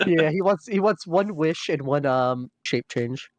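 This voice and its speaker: A man's voice: fairly high pitch, expressive, a little slow, no echo. A man acting as game master, reading dice results and enemy moves in a matter-of-fact way over an online call. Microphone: online call microphone.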